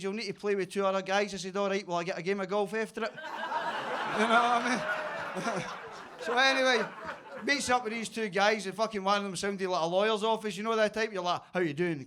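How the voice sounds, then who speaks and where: A Scottish man doing a stand-up routine in a basement comedy club, telling stories loudly and swearing freely. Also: high voice. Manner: loud, sweary, quick storytelling.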